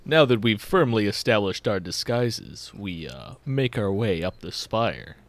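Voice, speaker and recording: A man's voice: fairly low pitch, sing-song, a little slow, dry recording. A man playing in a tabletop game, chatting casually with a dry, joking manner. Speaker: player.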